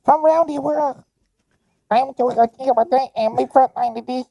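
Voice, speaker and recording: A man doing a squeaky frantic nurse. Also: moderate pace, creaky, no room sound, dull audio, exaggerated voice. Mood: mock-earnest. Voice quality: squeaky falsetto. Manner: exaggerated mock broadcast. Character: frantic female nurse sending a warning. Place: radio studio.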